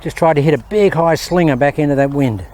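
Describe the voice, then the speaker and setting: A man's voice: on the high side, fairly quick, darkish tone. An Australian man giving a casual, upbeat golf lesson outdoors at a windy range, chatting to viewers as he hits shots. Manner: chatty, upbeat, keeps calling viewers "guys". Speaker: golf instructor. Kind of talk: casual on-course golf instruction.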